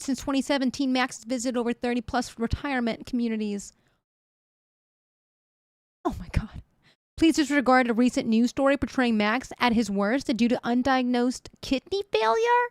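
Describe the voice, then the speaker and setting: Young woman streamer, casual joking reactions, slightly high pitch, dry mic. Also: dry recording. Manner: chatty, jokey, laughs often, talks to chat. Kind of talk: casual chat reacting to news clips.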